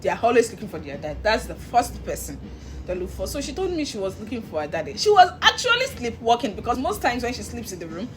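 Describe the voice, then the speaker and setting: A woman's voice: on the high side, fast. A woman, vlogging as she tells a story with feeling and bursts of laughter. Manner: animated, emotional retelling with laughs. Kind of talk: casual storytelling to camera.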